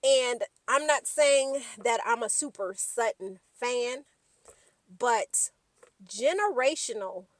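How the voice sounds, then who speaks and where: A woman's voice: on the high side, no echo. A woman giving a casual, slangy recap of reality TV gossip, acting out the quotes in shifting voices.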